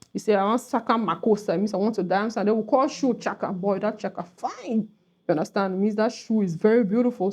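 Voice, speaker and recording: A woman's voice: medium pitch, a little mellow. A woman from Cameroon with a Cameroonian accent, teaching pidgin words in a casual vlog and playfully acting out example phrases.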